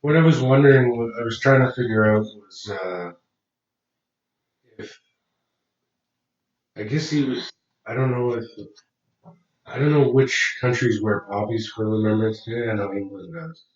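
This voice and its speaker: A man's voice: mid-range voice, unhurried, long pauses. A man co-hosting a podcast in casual chat, hesitant and full of "um" and restarts. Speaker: podcast co-host. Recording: distant, roomy, lo-fi mic.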